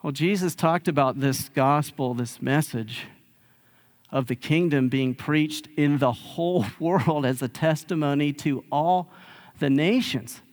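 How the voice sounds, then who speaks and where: A man preaching a sermon in an easy, conversational way, his voice sitting a little higher than most men's. He tells the story with animation and slips into sarcastic asides that he acts out. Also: unhurried, a little mellow. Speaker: pastor.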